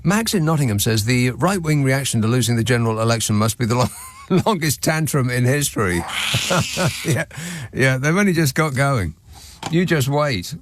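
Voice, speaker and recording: A man's voice: mid-range voice, expressive, normal speed. A man hosting a late-night radio phone-in, reading texts with sardonic, dry asides. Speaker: radio talk show host. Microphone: studio microphone.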